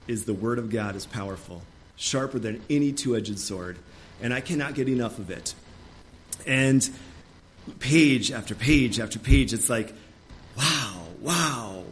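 A male pastor preaching an earnest sermon, often restarting his phrases and climbing higher and louder when he gets worked up.

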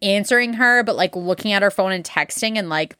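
A woman's voice: medium pitch, brisk, pushed and bright, dry recording, studio quality. A young woman hosting a podcast, telling a story in casual chat, full of fillers and blunt swearing. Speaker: podcast host.

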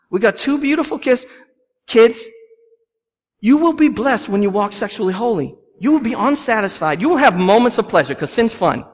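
A man's voice: sits high, a bit bright. Impassioned male pastor in a reverberant church. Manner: impassioned, repeats lines for emphasis. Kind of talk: sermon. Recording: long hall reverb.

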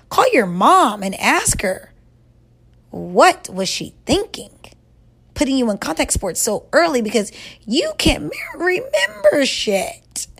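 A woman vlogger giving relationship advice in a blunt, profane, scolding rant, stretching words and jumping up in pitch for emphasis. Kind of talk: casual rant to camera.

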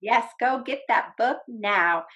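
Woman, podcast co-host, enthusiastic, warm, higher pitch, casual chat. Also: takes it slowly, muffled recording.

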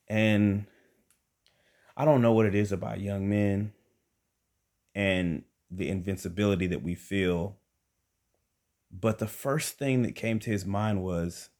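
Deep-voiced man telling a wild story. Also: slow, pauses often. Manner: animated, conversational, addresses listeners directly. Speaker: storyteller and podcast host. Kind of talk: comic personal storytelling.

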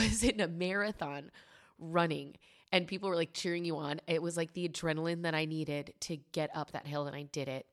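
Candid low-voiced single mom sharing. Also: female voice, fairly quick. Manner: candid, emotional, filler-heavy. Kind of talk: personal storytelling and advice.

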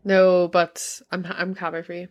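A woman's voice: on the low side, completely flat delivery, measured pace. Laughing young woman host. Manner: warm-hearted teasing, laughs easily. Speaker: podcast host. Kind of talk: casual chat.

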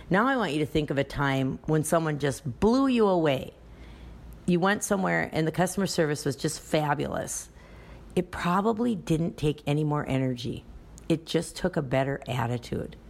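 A woman with a low voice talks through a podcast episode in a relaxed, chatty way. She tells stories from running her dance studio, often restarting her sentences as she goes. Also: vocal fry. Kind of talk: casual podcast talk.

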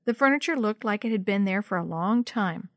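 A woman narrating a children's story in a steady, clear read-aloud style. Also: mid-range voice, brisk, dry recording, clean studio sound.

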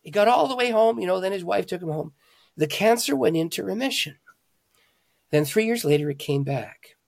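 A man, a pastor and author, telling stories in an interview with animated emphasis, swinging between loud, excited lines and hushed ones. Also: high voice, moderate pace, vocal fry. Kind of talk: conversational storytelling.

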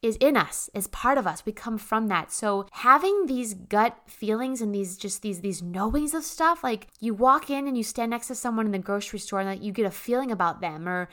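A woman's voice: fairly high pitch, expressive, normal speed, few pauses, sharp tone. A woman hosting a self-help show, talking to listeners in a bubbly, chatty monologue full of fillers and asides. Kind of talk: casual motivational monologue.

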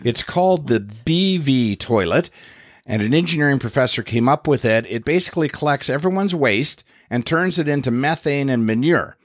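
A middle-aged man hosting a podcast, telling stories in a wry, profane, animated way. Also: mid-range voice, moderate pace, dry recording, studio quality. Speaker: podcast host and comedian. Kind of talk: casual storytelling chat.

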